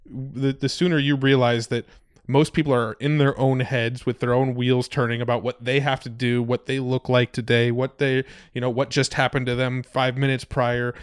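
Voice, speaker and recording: A man's voice: mid-range voice, smooth, no echo, clean studio sound. A man co-hosting a casual podcast, rambling and laughing easily. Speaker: podcast co-host.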